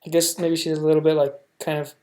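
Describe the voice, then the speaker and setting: A man's voice: on the high side, little pitch movement, fast, a little mellow. Rambling young American man reacting. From United States. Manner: rambling, thinks aloud with many fillers and restarts. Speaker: reaction video host. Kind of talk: casual reaction commentary.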